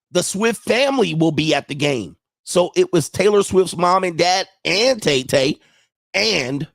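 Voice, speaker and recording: A man's voice: medium pitch, no echo, clean studio sound. Rambling man hosting a sports livestream. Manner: rambling, thinks aloud, chuckles often. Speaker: sports show host. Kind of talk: casual livestream sports chat.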